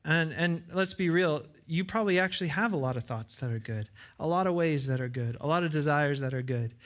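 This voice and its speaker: An earnest male pastor delivers a sermon in a church. His voice sits slightly high, and he repeats phrases for weight. Now and then he acts out a brief back-and-forth to make his point. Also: fairly quick. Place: church with side screens.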